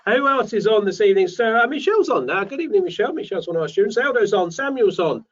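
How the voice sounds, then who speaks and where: Brief: British male host, chatty and upbeat, higher voice, recorded off-mic and dull. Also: animated, very fast, recorded from a distance. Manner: chatty, reads out viewer names. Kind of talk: live webinar chat.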